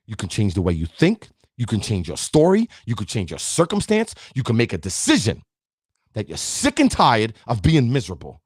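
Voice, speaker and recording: Emphatic motivational man, husky and lively. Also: lowish voice, moderate pace, no room sound, studio quality. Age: middle-aged. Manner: preachy, emphatic, addresses listeners directly. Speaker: podcast host. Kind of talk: motivational talk.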